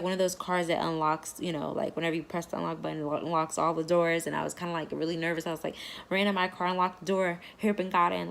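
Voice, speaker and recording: A woman's voice: on the low side, gravelly, a little hiss or hum. A woman vlogger telling a personal story in a casual, rambling way, full of fillers.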